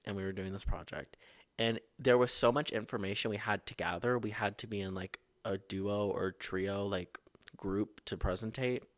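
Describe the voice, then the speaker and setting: A man's voice: lowish voice, steady tone, moderate pace, dry recording. A young man hosting a podcast, telling school stories in a sassy, overdramatic, profane way. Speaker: podcast host. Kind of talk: casual storytelling monologue.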